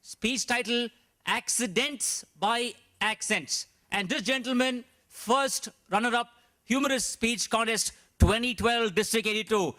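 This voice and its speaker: Bright high-voiced male emcee. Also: moderate pace. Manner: chatty, with many fillers and restarts. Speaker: contest emcee. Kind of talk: emceeing a speech contest.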